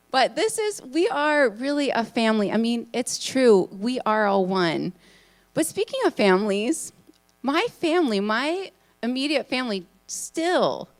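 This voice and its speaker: Excitable, chatty woman speaker addressing a room, lively and fairly high voice. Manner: bubbly, excitable, chatty with many fillers. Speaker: conference speaker, hypnotist. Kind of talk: live talk to an audience. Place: event room in front of an audience.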